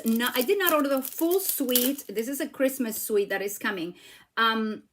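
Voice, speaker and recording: There is slight background noise as a woman with a fairly high voice, a native Spanish speaker, chats her way through a live stamping demo. She's exclamatory and keeps saying "like" and "okay?".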